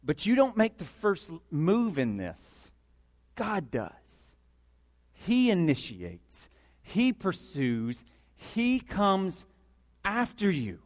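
A man preaching a sermon, emphatic and building through repeated phrases to loud peaks. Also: sits high, wildly swooping pitch, very slow, long reverb tail. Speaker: pastor.

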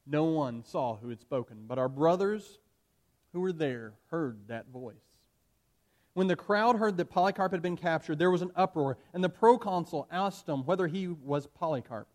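A man's voice: a little high, expressive, normal speed, a little mellow. A man preaching a sermon as pastor, speaking earnestly and addressing the congregation directly.

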